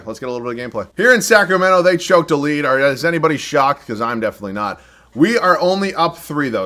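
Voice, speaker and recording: A man's voice: medium pitch, fairly bright tone. A young man commenting live on his own basketball video game, self-deprecating and prone to frustrated, swearing outbursts. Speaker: gaming YouTuber.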